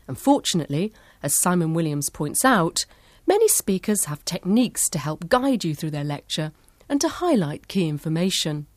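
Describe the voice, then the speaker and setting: Female presenter, lowish voice with lively intonation, clear measured scripted narration. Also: dry recording. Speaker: programme presenter.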